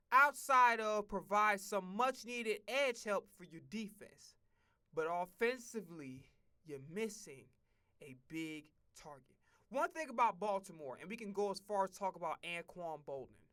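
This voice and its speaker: A man streaming casual sports commentary, profane and rambling, with excitable outbursts. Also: high voice.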